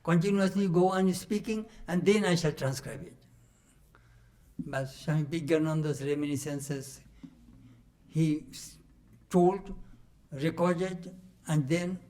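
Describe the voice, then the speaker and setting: Older man, animated storyteller, fairly high voice. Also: a little slow, long pauses. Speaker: monk recalling his teacher. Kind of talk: storytelling talk to a retreat audience.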